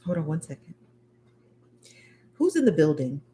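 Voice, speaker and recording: Lively tired woman hosting a livestream. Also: low voice, normal speed, breathy edge. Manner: chatty, laughing, reads out chat comments. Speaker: livestream host. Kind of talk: casual livestream chat greeting viewers.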